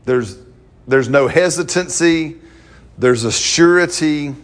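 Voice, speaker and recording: A man's voice: a little high, takes it slowly. A man preaching a sermon in a conversational, playful way, acting out quotes and laughing along with the congregation.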